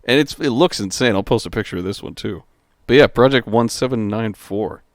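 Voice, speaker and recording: Male co-host, lowish voice, laid-back and self-deprecating. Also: fairly quick, dry recording, studio quality. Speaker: podcast co-host. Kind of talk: casual podcast chat.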